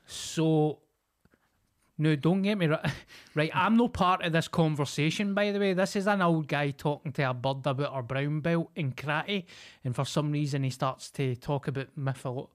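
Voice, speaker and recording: A man's voice: on the high side, moderate pace. A Scottish man co-hosting a podcast, telling stories in casual chat and acting out what people said. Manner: animated, acts out quotes. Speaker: podcast co-host.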